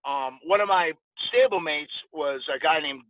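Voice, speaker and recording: A man in his forties, a podcast guest, casually telling lively stories and acting out the dialogue. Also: fairly high pitch, moderate pace, no room sound. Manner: animated anecdote-telling with quoted dialogue. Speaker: podcast guest, former boxer. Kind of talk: casual storytelling interview. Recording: dry, tinny phone-like sound.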